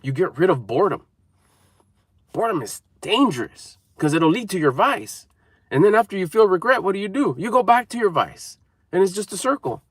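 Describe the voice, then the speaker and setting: A man's voice: high-pitched, big pitch swings, normal speed, fairly bright tone, husky, dry recording, studio quality. A man giving an emphatic, repetitive motivational talk to camera, coaching viewers. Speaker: motivational speaker.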